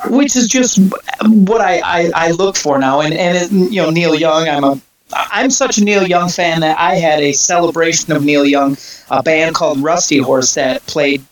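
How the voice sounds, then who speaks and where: A man chatting casually about music, telling long stories with many restarts and quick asides. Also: fairly high pitch, poor audio. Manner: rambling storyteller, many restarts. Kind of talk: casual chat.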